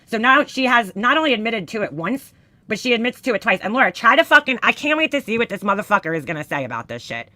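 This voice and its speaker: A woman reads screenshots aloud in casual, profane, exasperated commentary, hitting the quoted lines with loud emphasis. Her medium-pitched voice swings widely in pitch and moves fast, and the recording has no echo.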